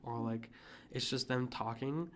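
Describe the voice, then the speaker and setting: A man's voice: medium pitch, a little slow, a little hiss or hum. A young man hosting a podcast, chatting casually and rambling with many fillers. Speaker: podcast host. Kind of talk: casual chat.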